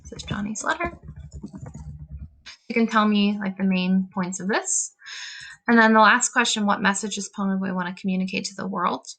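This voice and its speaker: A woman teacher explains a novel in an easygoing, chatty way, reading passages out loud and leaning on fillers. Her voice sits at a middling pitch but sounds bright and forward, with a gravelly fry at the ends of phrases. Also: normal speed, pauses often. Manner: reads quotes from a novel aloud. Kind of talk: casual lesson walkthrough.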